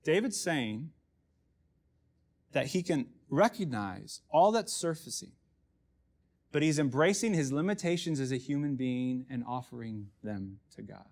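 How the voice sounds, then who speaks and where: A man preaching a sermon as pastor, conversational and self-deprecating, often dropping to a hush for emphasis. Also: medium pitch, sing-song, measured pace.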